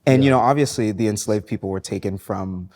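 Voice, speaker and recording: A young man, an actor guesting on a talk show, speaking in a thoughtful, measured and reflective way. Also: fairly low pitch, a little mellow. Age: young adult. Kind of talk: casual interview chat.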